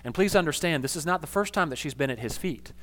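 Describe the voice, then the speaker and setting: A man preaching a conversational sermon as a pastor, casual and animated, with slangy asides. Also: on the high side, fast talker.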